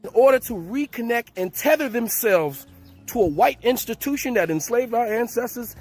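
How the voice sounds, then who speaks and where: A man's voice: extremely high pitch, lively intonation, a little fast, a little mellow. A man in a played clip lecturing and accusing his listeners in argumentative commentary.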